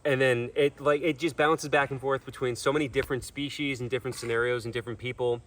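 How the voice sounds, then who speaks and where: A man's voice: medium pitch, fairly even intonation, quick pace, a bit bright, recorded from a distance. A man hosting a casual chat, ranting in exasperation about gullible people. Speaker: host.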